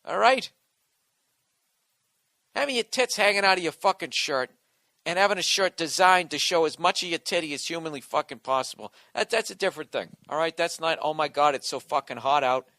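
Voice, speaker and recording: A man's voice: fairly high pitch, lively intonation, brisk, sharp tone, no echo. A man, a comedian and podcast host, in a sarcastic, profane, exasperated ranting monologue.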